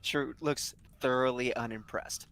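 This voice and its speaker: A man's voice: medium pitch, fairly even intonation, normal speed, fairly bright tone, smooth. A man chatting casually as a player in a tabletop game, wry and offhand.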